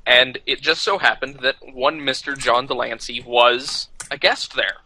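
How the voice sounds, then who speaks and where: Bright-voiced man telling a story. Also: medium pitch, measured pace, a little hiss or hum, poor audio. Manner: animated, quoting others in funny put-on voices. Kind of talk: casual anecdote.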